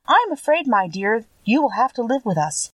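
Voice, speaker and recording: A woman voicing a kindly little old woman, the Witch of the North, gentle and solemn in a storybook reading. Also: on the high side, big pitch swings, fairly quick, dry recording, distant mic, pitched above the performer's own voice.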